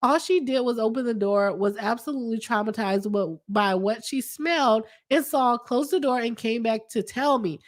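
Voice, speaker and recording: A woman's voice: fairly high pitch, moderate pace, hardly any pauses. Chatty laughing woman with a cold. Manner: laughs often, talks in a chatty way with y'all. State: sick with a cold, coughing. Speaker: lawyer hosting a live stream. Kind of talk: casual live-stream chat reading comments.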